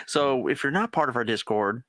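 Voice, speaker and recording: A man co-hosting a casual live chat about football, easygoing and quick to laugh along. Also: medium pitch, a bit bright, no room sound. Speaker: co-host.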